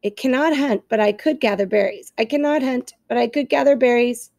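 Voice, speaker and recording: A woman voicing a newly awakened female robot in a storybook, speaking in a flat, measured, polite way. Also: fairly high pitch, vocal fry, dry recording, clean studio sound. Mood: calm.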